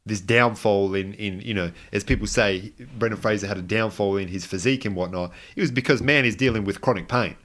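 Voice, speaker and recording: A man's voice: lowish voice, brisk, hardly any pauses, a bit bright. A man co-hosting a podcast, chatting casually and rambling, with frequent restarts and tangents. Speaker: podcast co-host. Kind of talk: casual chat.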